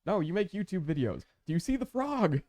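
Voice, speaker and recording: A man's voice: high voice, sing-song, brisk, darkish tone. A man playing a tabletop game, eagerly pressing with questions in casual chat. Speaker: player.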